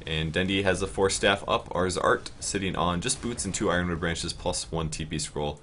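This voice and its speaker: A man casting a video game match, calling the plays quickly and getting louder on big moments. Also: low voice, slight background noise. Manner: fast, rising to excited shouts on big plays. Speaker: esports caster. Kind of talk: play-by-play game commentary.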